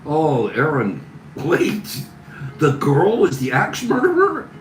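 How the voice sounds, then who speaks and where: A man's voice: on the high side, huge pitch swings, takes it slowly. Giggly man hosting a live stream. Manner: laughs constantly, giggly and teasing. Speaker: livestream host. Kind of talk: casual live-stream chat, reading viewer comments. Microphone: phone camera. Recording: echoey room with music behind.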